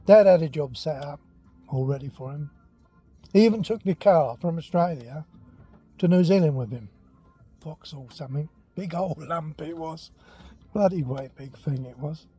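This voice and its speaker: A man's voice: fairly high pitch, moderate pace, mellow, slightly rough, faint music behind. An older man, telling childhood stories in a rambling, chatty way and sometimes dropping almost to a whisper. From England. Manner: rambling and chatty, drops to near whispers at times. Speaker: walking vlog host telling childhood stories. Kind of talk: casual storytelling.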